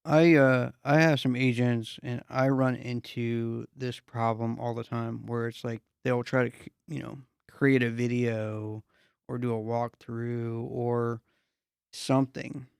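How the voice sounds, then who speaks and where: A man from the East Coast hosts a podcast, rambling in a relaxed way with lots of fillers. His voice is gravelly yet smooth, and he speaks with a flat, even tone. The recording is dry and close. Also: mid-range voice, takes it slowly, no room sound. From East Coast of the USA. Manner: laid-back, rambling, full of "like" and "you know". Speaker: podcast host. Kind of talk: casual interview talk.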